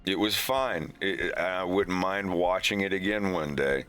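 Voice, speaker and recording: A man with a deep but sharp, forward voice chats on his stream at a slow, easy pace. He rambles and turns sarcastic, laughing often at his own jokes. Soft music plays faintly behind him. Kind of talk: casual stream chat.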